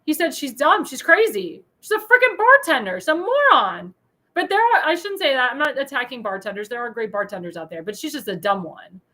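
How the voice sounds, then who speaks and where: A woman hosting a political talk show, ranting in a heated monologue full of insults and bursting into angry shouts. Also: on the high side, sing-song, a little fast, low-quality recording. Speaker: host.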